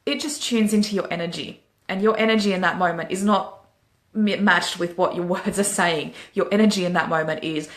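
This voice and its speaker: An Australian woman with a fairly low voice talks straight to camera, giving spiritual advice about relationships. She is frank and lively and quick to laugh at her own asides. Her voice rings around a reverberant room. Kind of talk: casual spiritual advice vlog.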